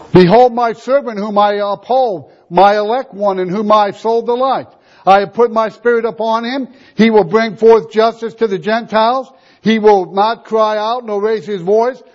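A man's voice: high voice, a little mellow. A man preaching a sermon, emphatic, reading scripture and repeating rhetorical questions. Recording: dull lo-fi recording.

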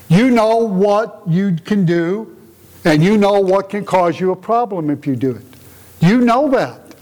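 A man's voice: sits high, darkish tone, rough recording. A man preaching a conversational sermon in an earnest, emotional way, often asking rhetorical questions. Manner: emotional, tender-hearted delivery.

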